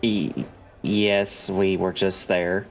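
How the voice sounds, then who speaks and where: Low-voiced man, dry teasing player. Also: level tone, very slow. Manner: dry teasing, hesitant starts. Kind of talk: casual tabletop game chat.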